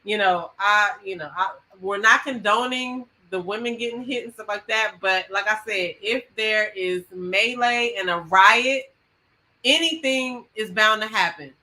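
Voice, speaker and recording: A woman co-hosting a podcast in casual chat, animated and emphatic, laughing often. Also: medium pitch, a little slow, rough recording. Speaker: podcast co-host.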